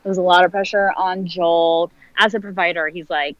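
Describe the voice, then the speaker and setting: A woman's voice: on the low side, fairly even intonation, moderate pace, no room sound. Candid woman in her twenties, lo-fi. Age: 20s. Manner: candid, filler-heavy, reenacts dialogue. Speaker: guest. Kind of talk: personal storytelling in conversation.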